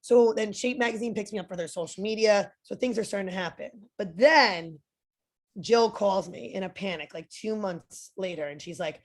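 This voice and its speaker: A young adult woman, a podcast guest, telling a story in a lively way, acting out what others said and using "like" a lot. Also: medium pitch, normal speed. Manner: lively, acts out quoted voices, frequent "like" fillers. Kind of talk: animated storytelling.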